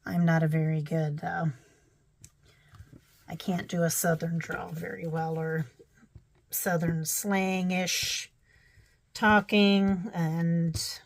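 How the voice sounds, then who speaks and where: Slow-talking woman thinking aloud while crafting. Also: fairly low pitch. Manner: thinks aloud, self-deprecating, chatty asides. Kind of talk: casual crafting vlog narration.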